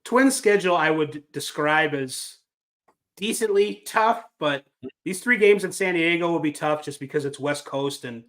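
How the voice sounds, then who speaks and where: A man's voice: on the high side, normal speed, a bit bright. Wry, rambling male podcast host. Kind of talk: casual sports talk.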